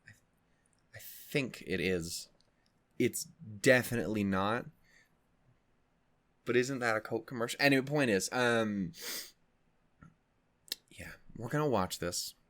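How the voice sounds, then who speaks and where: A man's voice: mid-range voice, unhurried, long pauses, fairly bright tone. A man hosting a reaction video in casual chat, rambling and joking, swearing freely with many fillers and restarts.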